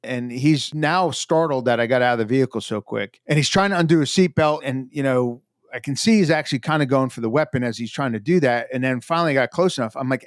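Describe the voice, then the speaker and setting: A retired FBI agent in an interview, telling a story in a casual, animated way and acting out the things he said. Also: medium pitch, brisk, dry recording, studio quality. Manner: animated, acts out his own quoted lines.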